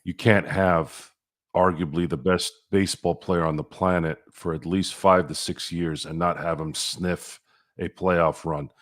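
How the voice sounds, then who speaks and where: A man with a very low, deep voice talks sports on a podcast. He is blunt and opinionated and doesn't mind getting crude. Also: fairly even intonation, unhurried. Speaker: podcast co-host. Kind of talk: casual sports chat.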